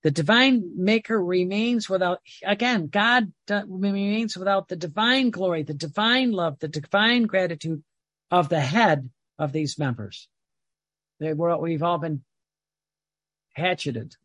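A man's voice: high voice, unhurried, fairly bright tone, no room sound. A man giving an informal devotional talk, rambling and repeating words as he reads passages aloud and explains them. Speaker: religious teacher.

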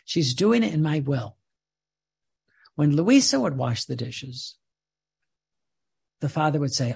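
Gravelly, husky man preaching a fervent sermon. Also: fairly high pitch, expressive. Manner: fervent, repetitive, with halting restarts.

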